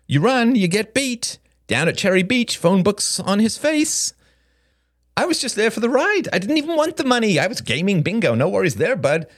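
Brief: restless, sharp-tongued young woman in an audiobook, lively swooping pitch, dry close sound, voiced by a male reader. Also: no room sound, exaggerated voice. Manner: rapid, restless, sardonic rambling. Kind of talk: audiobook character reading.

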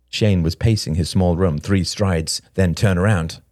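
A man narrating an audiobook in a low, measured voice. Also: steady tone, a little mellow, no room sound, clean studio sound. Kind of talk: scripted narration.

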